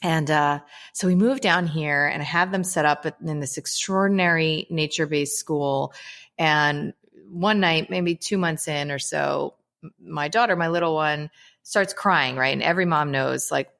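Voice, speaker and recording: Earnest woman with a lowish voice. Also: measured pace, creaky, fairly bright tone. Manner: earnest, frequent "you know" and "right?" asides. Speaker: guest, holistic psychiatrist and author. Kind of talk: casual reflective interview talk.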